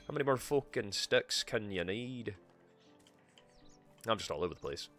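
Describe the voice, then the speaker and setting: A man's voice: on the low side, lively intonation, moderate pace, long pauses, a bit bright, soft background music. A man live-streaming a game, chatting casually with himself and swearing freely as he plays. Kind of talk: casual gameplay commentary.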